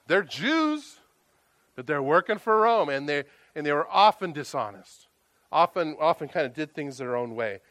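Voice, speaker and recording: A male pastor gives a sermon in a friendly, conversational tone. His voice sits slightly high and the recording is dry, with no echo. He tells his stories with plenty of animation. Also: fairly bright tone.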